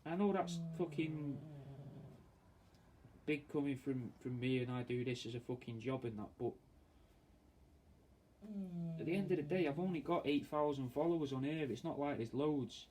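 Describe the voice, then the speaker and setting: With a medium-pitched, darkish voice, a man talks at a moderate pace broken by long pauses, rambling and swearing freely as he does taxidermy for fans. Faint ambient noise comes through a distant mic.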